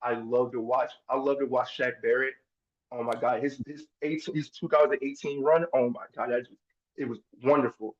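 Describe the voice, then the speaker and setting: This young adult college football player from New Jersey speaks as a guest in a casual interview, easygoing, enthusiastic and informal. His voice sits at medium pitch with fairly even intonation and a normal speed. The lo-fi recording sounds dull.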